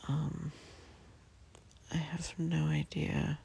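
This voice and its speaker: Sleepy, breathy whisper, very slow. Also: mid-range voice, flat delivery, low-quality recording. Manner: soft hushed whisper with hesitant fillers. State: sleepy, just woken. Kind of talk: whispered casual monologue. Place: in bed, indoors.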